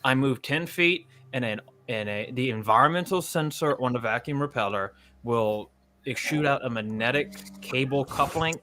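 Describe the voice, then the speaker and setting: A man playing a tabletop game, telling his moves in animated detail. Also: mid-range voice, moderate pace. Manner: animated, descriptive storytelling. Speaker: player.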